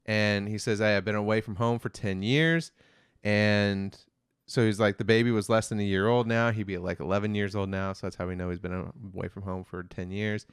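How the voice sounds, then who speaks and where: A man co-hosts a review podcast, casually retelling an episode's plot in a rambling way, packed with fillers and flat quotes of the characters. His fairly low, resonant voice comes through clear and fairly quick. The studio sound is clean with no echo.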